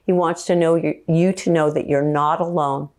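A woman preaching a slow, earnest teaching sermon and quoting scripture. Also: low-pitched, fairly even intonation, a little mellow.

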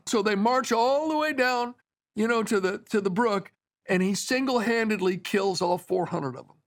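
A man's voice: sits high, moderate pace. A man preaching a sermon in a conversational, storytelling way, often restarting his phrases.

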